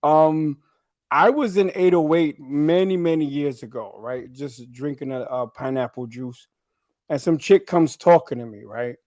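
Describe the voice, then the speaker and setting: A man's voice: a little high, a little slow, darkish tone, no echo, clean studio sound. A man on a podcast panel telling blunt stories from life abroad in casual talk, often asking "you know what I'm saying".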